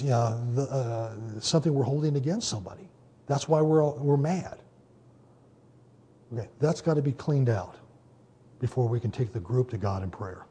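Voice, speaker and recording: A man preaching a sermon in a conversational teaching manner, often pausing with "okay" and "you know". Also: medium pitch, mellow, slightly rough. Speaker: pastor.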